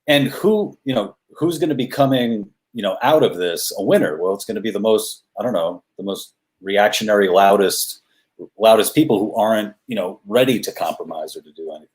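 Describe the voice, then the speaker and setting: Low-voiced male comedian guest. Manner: halting, many restarts and fillers. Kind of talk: casual chat.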